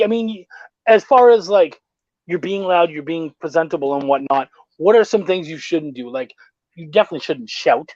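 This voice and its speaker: A man hosting a podcast interview, chatting casually, swearing often and jumping up in pitch when he is incredulous. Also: dry recording, highs cut off. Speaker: podcast host.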